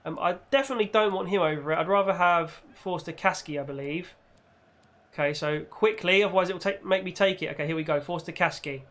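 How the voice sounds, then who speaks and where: Man, high voice, excitable football game commentary, yells at goals. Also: fast. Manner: reacts loudly, shouts at goals and the referee. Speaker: gaming YouTuber.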